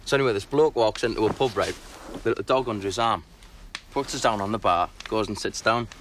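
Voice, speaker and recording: A man's voice: on the low side, brisk, voice pushed up, natural voice. A man voicing a cocky, joking young soldier in a fan dub. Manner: lively, swearing, jokey. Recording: noisy background.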